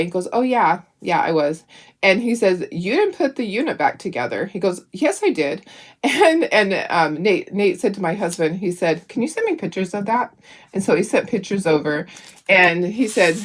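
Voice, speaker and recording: A middle-aged woman hosting a craft stream, chatting and telling stories while she paints. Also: mid-range voice. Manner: chatty, tells stories while painting and reads viewer comments aloud. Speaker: craft channel host.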